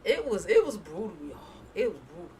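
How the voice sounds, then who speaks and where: A woman's voice: mid-range voice, big pitch swings, fairly quick, darkish tone, slight background noise. Chatty woman streamer, mic a bit distant. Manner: chatty and laughing, reads viewer emotes aloud. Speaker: reaction streamer. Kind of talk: casual live-stream chat.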